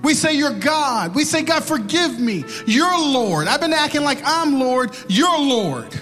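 A man's voice: very high voice, big pitch swings, measured pace, bright, forceful tone, long reverb tail, faint music behind. A man preaching and leading an altar-call prayer, building into impassioned, repetitive pleading. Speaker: pastor.

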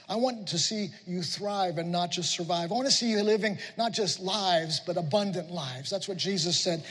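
A man preaching a sermon in a church, telling lively stories and acting out voices. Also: high-pitched, normal speed, husky. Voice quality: animated storytelling with playful voices. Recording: echoey hall.

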